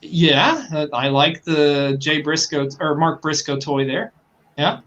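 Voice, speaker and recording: A man's voice: on the high side, slow, a bit bright, dull audio. A man co-hosting a podcast, chatting casually and enthusiastically, rambling with fillers and swearing now and then. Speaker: podcast co-host. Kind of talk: casual chat.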